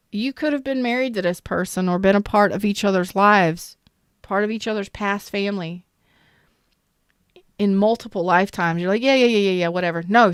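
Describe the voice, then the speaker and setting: A tarot reader on a live stream speaks candidly with strong emotional intensity, swearing freely and greeting viewers in the chat. Her voice is mid-range, captured in clean studio sound with no room echo.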